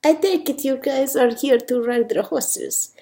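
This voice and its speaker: A woman's voice: high voice, a little slow, vocal fry, mellow, pitched above the performer's own voice. A woman reading fan fiction aloud, voicing a friendly young female ranch hand with a Spanish accent. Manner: friendly, helpful.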